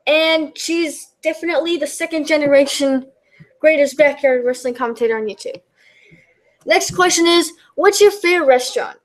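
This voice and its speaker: A woman's voice: sits high, normal speed. A woman reading out questions and answering them in a casual, rambling way, full of fillers and restarts. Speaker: YouTube backyard wrestling commentator.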